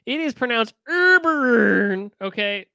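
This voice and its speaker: A man's voice: fairly high pitch, lively intonation, a little fast, pushed and bright, clean tone, dry recording. A man hosting a casual chat over a video call, blunt and teasing. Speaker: podcast host.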